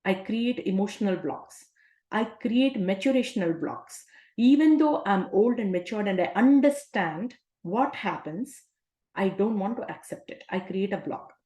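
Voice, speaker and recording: A woman coach gives a self-help talk in a conversational, questioning way. Her voice sits at a middle pitch and carries a roomy echo around it. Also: animated, a little slow, mellow. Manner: conversational, asks rhetorical questions, often adds "right?". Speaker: life coach.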